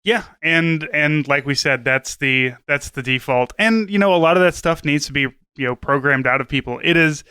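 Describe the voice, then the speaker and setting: A man's voice: on the high side, normal speed, few pauses, pushed and bright, smooth, no room sound. A man co-hosting a podcast, talking in an earnest, rambling way full of fillers. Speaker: podcast co-host. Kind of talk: casual podcast chat.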